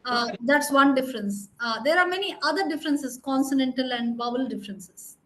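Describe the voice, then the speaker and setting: A woman's voice: high voice, a little fast, fairly bright tone, slight background noise, low-quality recording. A woman, a trainer answering questions in an online training session, explaining patiently with fillers. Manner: explanatory, polite, frequent fillers. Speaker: English trainer.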